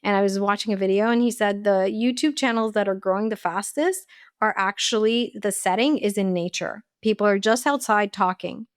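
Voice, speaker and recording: A woman nutritionist guest on a podcast, answering questions in a relaxed, conversational way. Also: mid-range voice, moderate pace, no echo, clean studio sound. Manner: relaxed, laughs easily.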